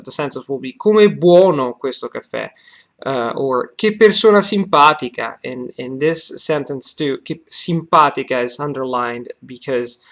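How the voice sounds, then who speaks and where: A man's voice: mid-range voice, a bit bright. A young man with an Italian accent, a native Italian speaker, explaining pronunciation in a video lesson with many fillers and restarts. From Italy. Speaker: language teacher.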